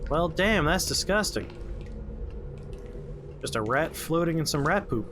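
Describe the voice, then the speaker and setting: A man's voice: a little high, lively intonation, a little slow, background noise. A man streaming a horror game, giving casual, rambling commentary full of jokes and puns. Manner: jokey, rambling asides and puns. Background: horror game music playing clearly.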